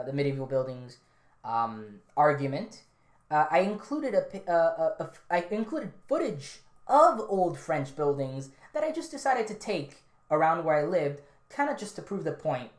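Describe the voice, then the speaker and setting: A woman hosting a casual solo podcast, rambling and offhand with lots of fillers and restarts. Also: deep voice. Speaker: podcast host. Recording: roomy, echoey room.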